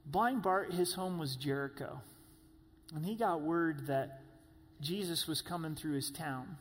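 A man preaching with a high, light voice, which rings out in the long reverb of a large hall. He climbs into loud, strained cries whenever he voices pleas. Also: a little slow. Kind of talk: sermon.

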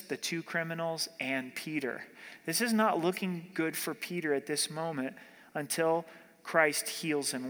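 Male pastor, slightly high voice, preaching verse by verse in a reverberant church. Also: a bit bright. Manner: preaching, slows down to read scripture, rhetorical questions. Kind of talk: sermon. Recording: long hall reverb.

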